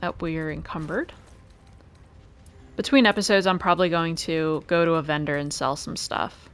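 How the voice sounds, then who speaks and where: A woman doing let's play commentary, calmly calling out each move and roll of a turn-based game. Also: low voice, normal speed, a little hiss or hum. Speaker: gaming video creator. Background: faint game music.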